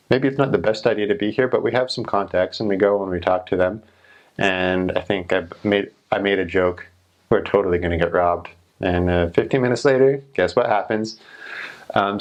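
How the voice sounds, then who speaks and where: A young man with a somewhat low voice tells a story, rambling and chatty. He leans on "like" fillers and loose restarts as he goes. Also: rough recording. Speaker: returned missionary. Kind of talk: casual storytelling.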